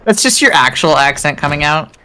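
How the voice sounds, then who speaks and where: A woman's voice: low-pitched, very animated, brisk, sharp tone, faint music behind. An American woman chatting and teasing playfully while playing a game with a friend, laughing often. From United States. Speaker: co-player. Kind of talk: casual gaming chat.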